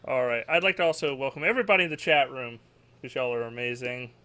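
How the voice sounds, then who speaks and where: A man's voice: medium pitch, fast, bright, forceful tone. A man hosting a gaming podcast in casual chat, loose and joking, often laughing. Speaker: podcast host.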